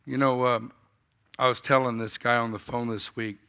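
A man in his fifties preaching a sermon, telling a story in a style that moves from quiet reflection to loud, animated telling. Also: medium pitch, normal speed, gravelly, clean tone. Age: 50s.

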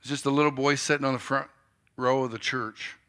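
A man in his fifties preaching a sermon, telling a story in a style that moves from quiet reflection to loud, animated telling. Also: medium pitch, a little fast. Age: 50s.

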